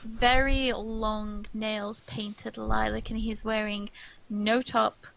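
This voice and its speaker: A woman game master narrating a tabletop fantasy game at an unhurried pace, pausing to search for the right word. Her fairly high voice carries a steady gravelly fry. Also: low-quality recording. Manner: slow, hesitant description with searches for words.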